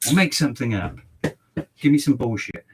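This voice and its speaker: A man's voice: mid-range voice, expressive, normal speed, noisy background. A man, a barber chatting on a livestream while cutting hair, swearing a lot and ranting in mock outrage.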